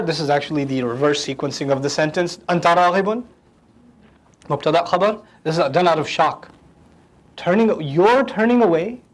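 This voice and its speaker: Animated higher-voiced male Quran teacher. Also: poor audio. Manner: animated, humorous, acts out quotes. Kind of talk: lecture on Quranic language.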